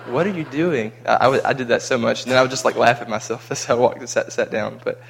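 A man's voice: mid-range voice, flat delivery, fast talker, gravelly. A man chatting casually about a trip, rambling and repeating his words as he goes. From United States. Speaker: vlogger recounting a mission trip. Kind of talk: casual chat.

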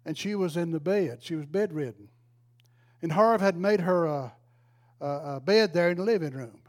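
A man's voice: on the high side, normal speed, darkish tone. An older man, a retired pastor, telling a folksy, emotional story in a sermon. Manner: folksy, emotional, exclaims praise.

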